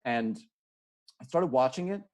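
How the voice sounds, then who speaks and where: A man speaking as an interview guest, earnest and halting, often restarting his sentences. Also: medium pitch, lively intonation, darkish tone. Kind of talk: casual interview conversation.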